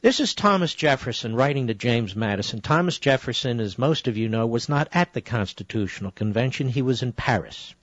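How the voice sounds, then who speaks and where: A man's voice: mid-range voice, animated, brisk, few pauses, no echo. A middle-aged man hosting a political talk radio show, combative and often rising into indignant tirades. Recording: dry, slightly dull radio broadcast audio.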